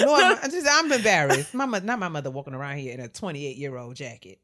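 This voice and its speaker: A woman co-hosting a podcast, telling stories in casual chat and acting out her mother's lines in a raised voice. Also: fast talker. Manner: animated storytelling, acts out her mother in a higher voice. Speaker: podcast co-host.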